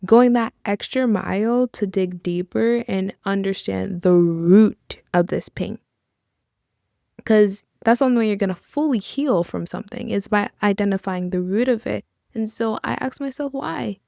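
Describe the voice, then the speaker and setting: A young woman delivers a reflective podcast monologue in an earnest, encouraging tone and slips in casual asides. Her voice has a strong vocal fry. The recording is dry and close, with no room echo. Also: medium pitch, normal speed, warm tone. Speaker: podcast host.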